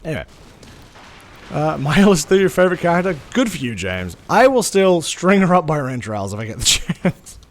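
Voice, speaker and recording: A male streamer talking casually to his viewers from his desk mic. His voice sits a little high and swings widely in pitch as he rants, swears freely, and then apologizes in a rush. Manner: animated ranting, swearing, quick apologies. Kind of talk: casual live-stream chat.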